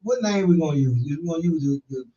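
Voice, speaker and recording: A man's voice: expressive, fast, a crowd in the background. A middle-aged man hosting a casual talk show, telling loose, rambling stories with playful jabs. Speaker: host. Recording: distant mic, dull low-fidelity sound.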